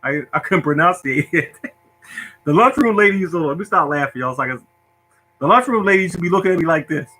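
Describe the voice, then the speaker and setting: A middle-aged storyteller host animatedly relates a funny childhood episode, laughing frequently and impersonating the people in it. His fairly high, sharp voice moves a little fast over soft background music, and the recording is rough.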